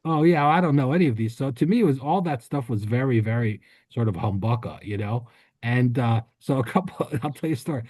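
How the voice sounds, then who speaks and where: A man co-hosting a podcast, telling a rambling story in casual chat with many restarts and quick laughs. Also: mid-range voice, a little mellow, husky, dry recording. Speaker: podcast co-host.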